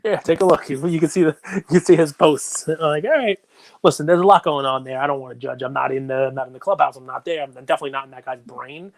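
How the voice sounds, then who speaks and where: A man co-hosting a sports card podcast in casual, animated chat that rambles on in long runs. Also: a little high, fast talker, gravelly, dry recording. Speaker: podcast co-host.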